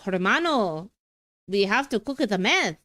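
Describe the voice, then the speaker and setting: A woman putting on a hammy male crime-drama drug cook, halting and stumbling with ums, in a dry, close sound. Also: fairly low pitch, sing-song, clear, resonant tone, no room sound, voice pushed down, heavily acted.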